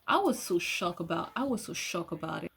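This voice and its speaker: Excitable woman reviewing a movie. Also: fairly low pitch, fairly quick, vocal fry. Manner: excitable, swears often, restarts sentences. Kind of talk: casual spoken movie review. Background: soft lofi music.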